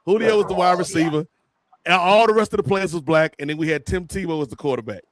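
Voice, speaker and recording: A man hosting a podcast, telling a long comic story in an animated, joking way and calling his co-hosts by name. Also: a little high, quick pace. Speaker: podcast host. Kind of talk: casual comedic storytelling.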